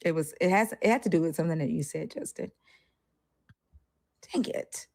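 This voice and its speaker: A woman's voice: low voice, moderate pace, gravelly, no echo, clean studio sound. A woman co-hosting a casual discussion, talking bluntly and animatedly, swearing freely. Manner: animated, swears freely, acts out quoted voices. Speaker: co-host.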